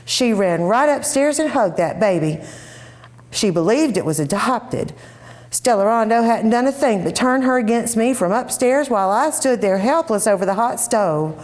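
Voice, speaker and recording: A woman reads a short story aloud in the first person, lively and expressive. Her delivery is animated and theatrical, as in a live reading. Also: on the high side, normal speed. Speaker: reader.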